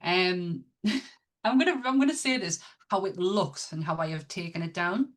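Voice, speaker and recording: British woman, podcast co-host, chatty, lots of ums, lowish voice. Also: moderate pace. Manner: chatty, laughs often, many ums and restarts. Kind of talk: casual podcast chat.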